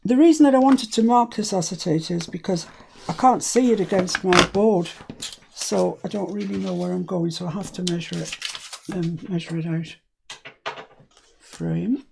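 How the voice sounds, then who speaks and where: A woman's voice: lowish voice, normal speed, gravelly, noisy background. A woman hosting a casual craft tutorial at a cluttered desk, chatting and muttering to herself as she works. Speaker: craft channel host.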